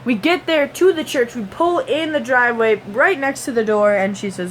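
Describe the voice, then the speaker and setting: Woman vlogger, fairly high voice, chatty rambling storytelling, camera mic, faint hiss. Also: moderate pace, few pauses. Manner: chatty and rambling, with many fillers and sound effects.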